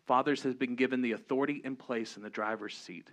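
A man preaching a sermon, earnest, switching between low emphatic points and lively storytelling. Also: fast talker. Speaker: pastor.

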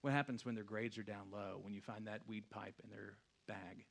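A man in his thirties, a pastor giving a casual, conversational sermon that swings from hushed reflection to loud storytelling. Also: on the low side, fairly even intonation, normal speed, vocal fry, breathy edge.

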